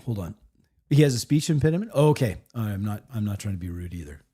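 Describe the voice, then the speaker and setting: A man with a low, mellow voice talks through a recorded tabletop session on a live stream. He rambles a bit, restarting his sentences as he critiques. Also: expressive, fast talker, breathy edge. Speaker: streamer reacting to a game session. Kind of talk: live reaction commentary.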